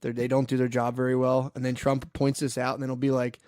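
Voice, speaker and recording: A man's voice: medium pitch, monotone, quick pace, darkish tone, no room sound, clean studio sound. A man in casual podcast banter, profane and saying "dude" constantly. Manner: profane, says "dude" a lot. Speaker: podcast co-host.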